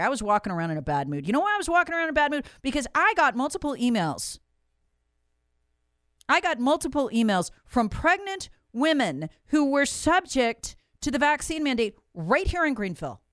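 A woman's voice: high-pitched, a bit bright, no room sound, clean studio sound. A woman, hosting and delivering an angry, emphatic monologue full of rhetorical questions. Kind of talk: impassioned monologue.

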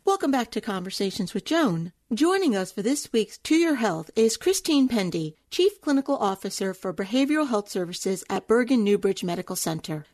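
A woman's voice: medium pitch, a little mellow. A woman hosting a radio interview show, speaking in a polished, scripted way.

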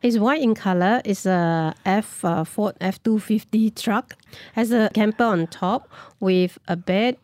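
A woman's voice: mid-range voice, a little slow, few pauses, a little mellow, no echo. A middle-aged woman, a guest speaking frankly and with self-mocking humour about her travels. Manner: frank, self-deprecating, laughs easily. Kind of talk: casual storytelling.

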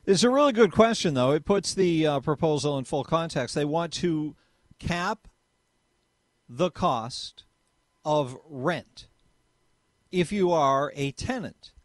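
A man's voice: a little high, expressive, takes it slowly, pauses often, no echo. A man hosting talk radio, emphatic and opinionated, speaking into a studio mic. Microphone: studio microphone.

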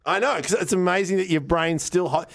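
An Australian podcast co-host with a high-pitched, gravelly and fairly bright voice talks a little fast in a loose, casual chat. He rambles through stories, restarts his sentences, laughs easily and swears without a second thought.

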